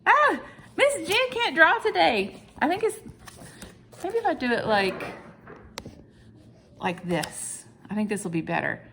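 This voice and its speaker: A woman's voice: sits high, sing-song, a little slow, vocal fry, pauses often, fairly bright tone. Lady teacher doing a kids lesson from home, super bouncy sing-song voice, little whispery asides, bit of background hiss. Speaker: preschool teacher. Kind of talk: video lesson for young children.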